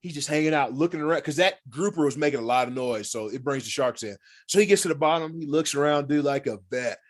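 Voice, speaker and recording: A man telling hunting and fishing stories as a podcast guest in casual, animated talk, swearing freely and acting out what people said. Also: fairly high pitch, fast. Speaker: podcast guest, former pro football player. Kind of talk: casual storytelling.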